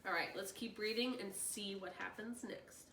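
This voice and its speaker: A woman reading a novel aloud as host, with expressive, excitable asides to listeners. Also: mid-range voice, normal speed. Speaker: reader, channel host. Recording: roomy distant mic, faint noise.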